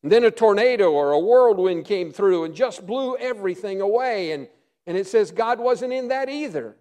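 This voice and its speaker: Earnest high-voiced preacher man. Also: expressive, moderate pace. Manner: earnest, dropping to hushed tones for emphasis. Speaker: pastor. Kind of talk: sermon.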